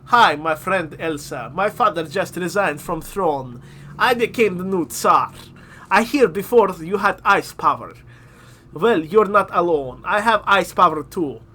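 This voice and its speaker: A man's voice: high-pitched, expressive, measured pace, bright, forceful tone, a little hiss or hum, full character voice. A man reading out a blunt young male tsar's letter, in broken, clipped English. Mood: plain.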